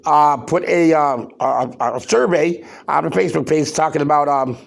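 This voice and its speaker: Raspy podcast host guy going off, lots of rhetorical questions, kinda husky. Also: fairly high pitch, normal speed. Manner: emphatic, fires rhetorical questions; loud, worked-up. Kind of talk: ranting commentary.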